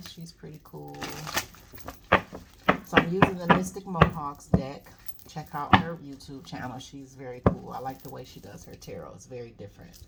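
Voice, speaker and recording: A woman with a low voice talks casually through a tarot reading. Her phrasing is chatty and drawn-out, and her words often trail off into soft murmurs. A loud steady noise runs under the recording. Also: vocal fry. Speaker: tarot reader. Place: home reading space.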